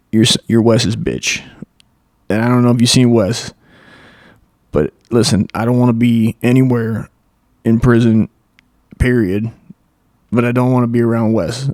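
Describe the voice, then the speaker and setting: A man's voice: medium pitch, darkish tone, dry recording, studio quality. A man hosting a comedy show, riffing crudely in a rambling profane monologue. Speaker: comedy podcast host.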